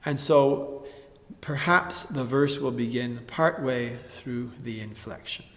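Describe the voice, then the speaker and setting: Slow-spoken man in a reverberant room. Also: medium pitch. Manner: measured, stops to sing demonstration phrases. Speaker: chant teacher. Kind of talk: spoken tutorial with sung psalm examples. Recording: roomy space with long reverb.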